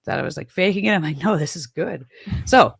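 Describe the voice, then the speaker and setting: A woman's voice: low voice, lively intonation, a little fast, vocal fry, breathy edge, dry recording, clean studio sound. A middle-aged woman from the American Midwest, chatting casually as a host, rambling and self-deprecating with many restarts. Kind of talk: casual chat.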